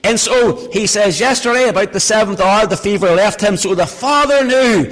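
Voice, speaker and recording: High-voiced preacher in a reverberant hall. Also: male voice, normal speed, fairly bright tone. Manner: reads scripture then explains it with emphatic repetition. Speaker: pastor. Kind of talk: sermon with scripture reading.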